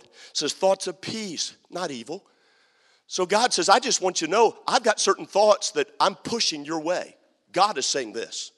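A man preaching a sermon as pastor, swinging from quiet talk to shouted preaching. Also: on the high side, long reverb tail. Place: church sanctuary.

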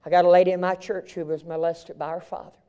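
A man with a strikingly high voice preaches a live sermon. He drops to near-whispers and then rises to shouts, repeating phrases in a fervent cadence. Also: flat delivery, fast talker, clean tone, highs cut off.

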